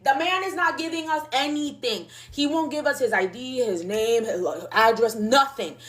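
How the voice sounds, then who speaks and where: A woman's voice: high-pitched, moderate pace. A woman in her mid-twenties telling a casual storytime, rambling and packing her sentences with fillers as she acts out what everyone said. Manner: rambling, filler-heavy, animated retelling.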